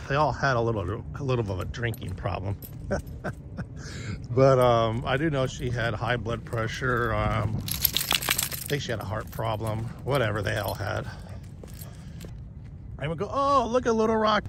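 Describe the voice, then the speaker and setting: A middle-aged man live-streaming a dog walk outdoors, telling rambling, profane stories from his youth with lots of ums. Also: mid-range voice. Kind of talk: casual storytelling chat. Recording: outdoor stream with clear street noise.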